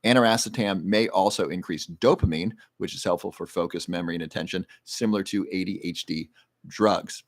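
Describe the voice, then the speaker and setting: Rambling, low-voiced man hosting a livestream. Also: brisk. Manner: rambling, conversational, reads viewer comments aloud; explains health research plainly. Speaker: livestream host answering viewer questions. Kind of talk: casual livestream Q&A.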